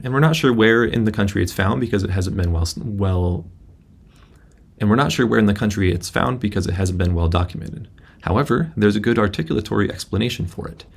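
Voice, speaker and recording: Creaky low-voiced man teaching software. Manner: casual, halting, many restarts. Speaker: instructor. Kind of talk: screen-recorded software tutorial. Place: indoor room at a laptop. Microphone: laptop built-in microphone.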